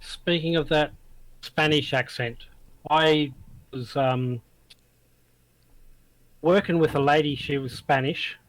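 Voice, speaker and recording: A man's voice: fairly high pitch, steady tone, takes it slowly, long pauses, no echo, poor audio. An Australian man chatting as a guest, plainspoken, with hesitant starts. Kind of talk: casual chat.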